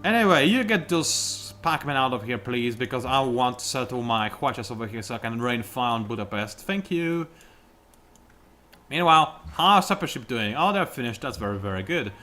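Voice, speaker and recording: A man's voice: mid-range voice, animated, moderate pace, pushed and bright, faint music behind. A young man giving casual, self-mocking commentary while playing a strategy game, with sudden outbursts at his opponents. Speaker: gaming YouTuber.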